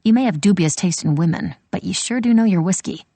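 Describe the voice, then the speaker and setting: A brisk, sharp-tongued young woman, read by a woman narrator, who teases and talks bluntly. The voice sits low, with a gravelly, husky edge and a dry, close sound. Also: lively intonation, no echo. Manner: quick, teasing, blunt.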